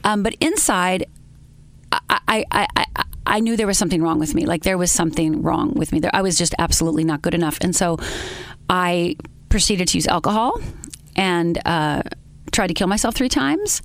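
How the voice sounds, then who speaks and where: A woman's voice: lowish voice, no room sound. Woman telling a story earnestly, dry sound. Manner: earnest, halting, with many pauses and restarts. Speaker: interview guest. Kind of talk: personal storytelling in an interview.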